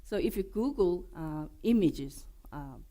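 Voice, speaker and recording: A woman with a Korean accent presenting at a developer conference, her voice hoarse from being unwell, joking and filling pauses with many fillers and restarts. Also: on the low side, lively intonation, mellow. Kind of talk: conference talk. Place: conference room.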